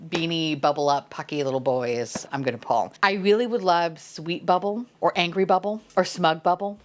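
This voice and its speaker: A young woman chatting casually as she unboxes collectible toys, gushing, swearing freely and breaking into delighted squeals. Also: deep voice. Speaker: unboxing vlogger.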